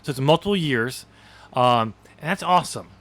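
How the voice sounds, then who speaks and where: A man's voice: medium pitch, lively intonation, moderate pace, a bit bright, dry recording. A man co-hosting a podcast in casual chat, rambling with lots of ums and easy laughs. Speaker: podcast co-host.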